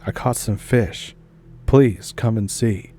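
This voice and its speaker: A man's voice: on the low side, takes it slowly, mellow, soft background music. A man voicing a creature that mimics a young man's voice and calls out pleadingly for help. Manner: pleading, calling out.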